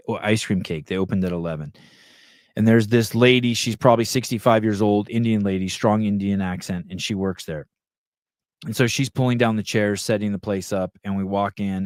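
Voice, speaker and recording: A man's voice: low voice, no room sound, clean studio sound. A middle-aged man hosting a podcast, telling a rambling, profane story and reading chat comments aloud. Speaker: podcast host.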